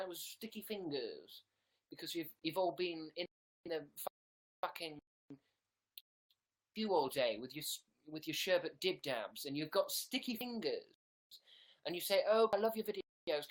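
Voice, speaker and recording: A man's voice: a little high, sing-song, unhurried, pauses often, fairly bright tone. A young British man chatting sarcastically on a livestream from his bedroom, playing a mock diva. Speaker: livestream host. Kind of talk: casual livestream chat.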